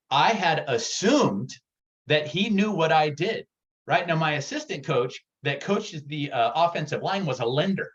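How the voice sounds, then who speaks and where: A man coaching salespeople at a workshop, excitable and blunt, his voice sitting a little high. He hammers his points home with punchy energy. The recording sounds dull and lo-fi. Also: unhurried. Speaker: real estate sales coach. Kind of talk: workshop presentation.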